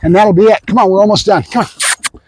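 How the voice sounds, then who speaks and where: A man training a puppy on camera, explaining his methods to viewers in a casual way and breaking into excited praise for the dog. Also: high-pitched, rapid-fire, breathy edge, poor audio. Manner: casual, addresses viewers as guys. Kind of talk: hands-on training demo with commentary to viewers. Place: outdoors at a training area.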